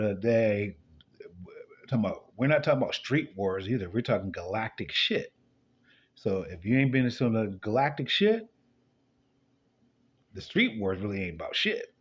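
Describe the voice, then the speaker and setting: A man preaching in a loose, rambling way over scripture, full of swearing, who drops to low mutters and then jumps into sudden high bursts. His voice sits at an ordinary pitch for a man, and the recording sounds dull and lo-fi. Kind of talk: loose spoken scripture commentary.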